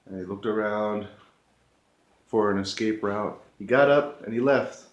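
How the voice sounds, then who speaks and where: Guy talking slow and earnest to camera, repeats stuff, echoey room. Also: lowish voice. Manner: slow, earnest, with emphatic repetitions. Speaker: vlogger. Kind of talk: reflective talk to camera.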